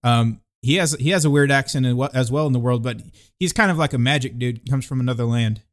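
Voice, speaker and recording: Male co-host, mid pitch, jokey, laughs through his lines. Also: fast. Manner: jokey, laughs often while talking. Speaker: podcast co-host. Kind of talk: casual movie review chat.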